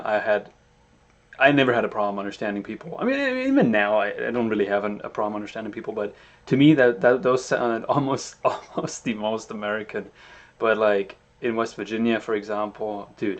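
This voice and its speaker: A man's voice: on the low side, a little fast, lo-fi sound. A young German man living abroad, chatting casually and rambling as he reacts to a video from his home webcam setup. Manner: relaxed, rambling, many restarts.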